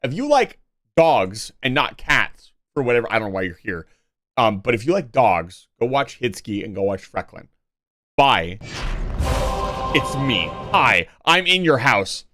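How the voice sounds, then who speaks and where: A man's voice: medium pitch, very animated, moderate pace, fairly bright tone, dry recording. A young man streaming live, talking casually to his chat and swinging between mock-angry joking and earnest reassurance.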